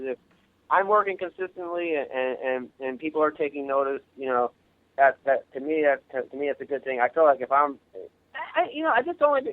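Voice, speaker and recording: A man from Long Island, New York, a guest actor and director, talking modestly and haltingly in a casual radio interview, stumbling over restarts. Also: a little high, no echo. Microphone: phone line. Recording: dry, tinny phone line.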